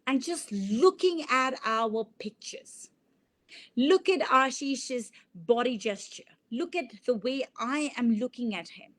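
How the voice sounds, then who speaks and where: A woman's voice: on the high side, animated, slow pace, fairly bright tone. A woman lecturing on communication at a university, explaining a model step by step and illustrating it with examples. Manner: explanatory, gives examples with repeated sample sentences.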